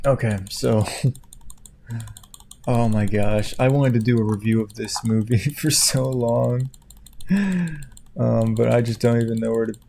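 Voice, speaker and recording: A man chatting casually at his computer at home, tired, quiet and rambling, laughing often. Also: medium pitch, flat delivery, a little slow, vocal fry, long pauses, a little hiss or hum. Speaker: video creator. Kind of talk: casual chat while clicking at a computer. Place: at home indoors.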